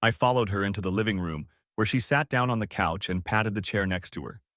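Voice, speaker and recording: A man's voice: lowish voice, a little fast, fairly bright tone, no room sound, clean studio sound. A man narrating a dramatic first-person audiobook story with emotional delivery.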